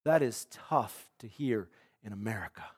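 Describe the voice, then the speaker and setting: A middle-aged man preaching a sermon as pastor, earnest, swinging between loud emphatic lines and hushed, quiet ones. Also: fairly low pitch, moderate pace, slightly rough.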